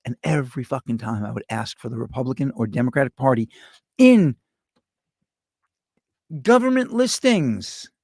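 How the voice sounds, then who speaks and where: A man's voice: mid-range voice, fairly even intonation, fast talker, hardly any pauses, darkish tone, husky, no room sound, studio quality. A middle-aged man, hosting a show with a rambling, profane, sarcastic comedic rant. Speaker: podcast host.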